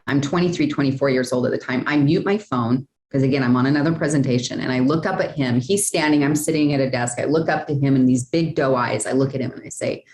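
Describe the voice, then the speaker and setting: A woman guest in a podcast interview, telling a personal story in a lively, chatty way, often tossing in "like" and "right?". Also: very deep voice, roomy sound. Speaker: guest, speaker and sales coach.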